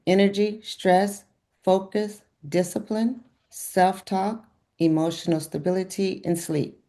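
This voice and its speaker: A woman's voice: medium pitch, steady tone, takes it slowly. Effusive woman coaching a group call. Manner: warm, effusive, repeats praise. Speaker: health coach leading a group session. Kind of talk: encouraging coaching on a video call.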